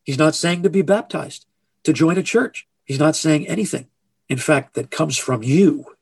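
A man preaching a sermon in an earnest, emphatic way, slowing down to stress key phrases. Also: a little high, gravelly, husky, no echo.

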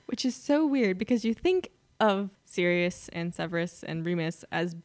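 A woman with a slightly low voice co-hosts a casual fan podcast. She explains eagerly and laughs often as she talks. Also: expressive, normal speed. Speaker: podcast co-host.

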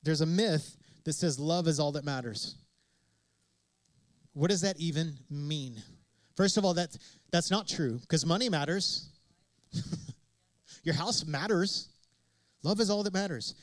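A man's voice: fairly high pitch, slow, long pauses, dry recording, rough recording. A man preaching a sermon as pastor, emphatic and repetitive, asking rhetorical questions of his congregation.

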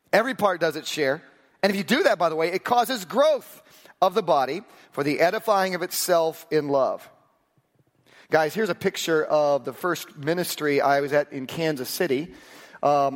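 Male pastor, sermon delivery, animated storyteller with acted asides, fairly high voice, long reverb.

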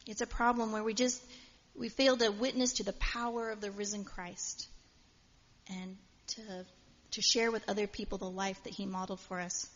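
A woman's voice: medium pitch, level tone, normal speed. A woman preaching a sermon in a casual, storytelling way with frequent fillers, in a church. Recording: dull sound with long hall reverb.

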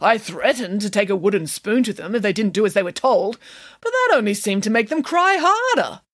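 A woman's voice: mid-range voice, sing-song, brisk, a bit bright, voice pushed up. A woman voicing a grumpy, pompous middle-aged father in a storybook reading, blustering and sulky.

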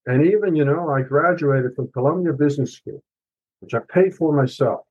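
Husky, earnest middle-aged man. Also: fairly high pitch, normal speed, darkish tone, lo-fi sound. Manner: emotional, earnest and confessional, mild swearing. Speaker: author and podcast guest. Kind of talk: candid personal storytelling.

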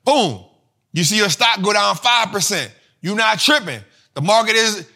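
A man's voice: high-pitched, moderate pace, husky. A man hosting an investing show, teaching finance terms in a casual, slangy way with lots of repetition. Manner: slangy, repetitive, animated explaining.

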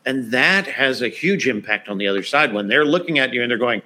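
A man in a casual live-stream chat who talks in a relaxed way, often laughing and tagging his points with "right?". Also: mid-range voice, a little fast. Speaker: LinkedIn expert co-host.

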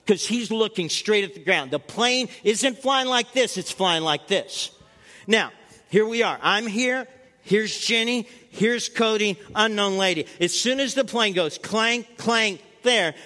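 Animated older man preaching in bright voice. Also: high-pitched, big-room sound. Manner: animated storytelling, acting out scenes. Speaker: guest pastor. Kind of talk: sermon.

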